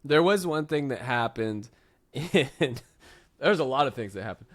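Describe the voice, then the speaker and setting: A man's voice: medium pitch, expressive, normal speed, no echo. A man hosting a casual podcast, telling a story animatedly and laughing often while acting out other people's lines. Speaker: podcast host and touring musician.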